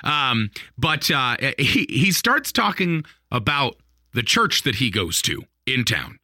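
Bright, animated male storyteller. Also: mid-range voice, takes it slowly, dry recording, studio quality. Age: adult, married. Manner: animated storyteller, laughs often, many fillers. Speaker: podcast co-host telling a story. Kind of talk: casual chat.

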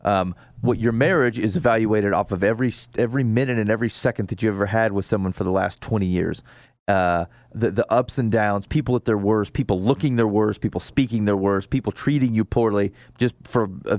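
A man's voice: lowish voice, brisk, a little mellow, dry recording. A man co-hosting an advice podcast, talking bluntly in a folksy, joking way. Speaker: co-host. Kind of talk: casual podcast advice chat.

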